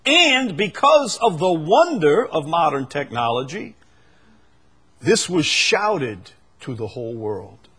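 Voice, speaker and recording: A man preaching a sermon, dropping to quiet low asides and then rising into loud, drawn-out proclamations, repeating phrases for emphasis. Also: big pitch swings, breathy edge. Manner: repeats phrases for emphasis and reads scripture aloud.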